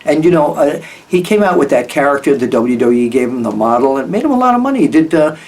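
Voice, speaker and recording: A man's voice: on the high side, sing-song, fast talker, a little mellow. Chatty man host, a little off-mic. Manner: rambling, chatty, with many fillers and restarts. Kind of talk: casual chat. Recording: voice a bit far from the mic.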